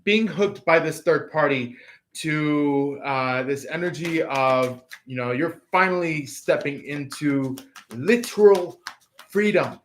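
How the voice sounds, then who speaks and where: A man giving a casual live tarot reading, filling his talk with pauses and acting out the people he quotes. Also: on the high side, slight background noise. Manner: acts out quoted voices, laughs, filler-heavy. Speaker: tarot reader.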